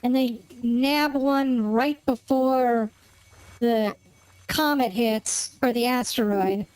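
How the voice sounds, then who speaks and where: A woman's voice: fairly high pitch, steady tone, slow pace, darkish tone, rough recording. A woman streamer chatting casually while she plays, rambling and searching for words as she goes. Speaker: gaming streamer. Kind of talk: casual chat while playing a game.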